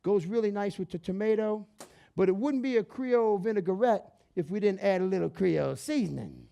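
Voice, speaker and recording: A man's voice: sits high, brisk, creaky, dark tone. A man hosting a cooking demonstration, upbeat and chatty, calling his audience "guys" and "baby". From New Orleans area, Louisiana. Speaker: chef hosting a cooking show.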